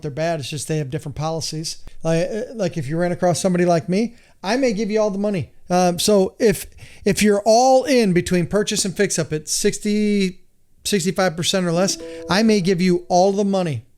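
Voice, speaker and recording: Man, middle-aged, from the United States, instructional talk, emphatic, exasperated, higher voice, resonant. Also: darkish tone, clear, resonant tone. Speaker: real estate investor and hard money lender. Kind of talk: instructional monologue.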